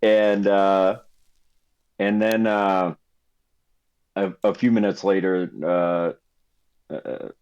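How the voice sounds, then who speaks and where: A man narrating as game master, unhurried and full of fillers and restarts as he describes the scene. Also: sits low, little pitch movement, darkish tone, smooth, dry recording. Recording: slightly dull lo-fi audio.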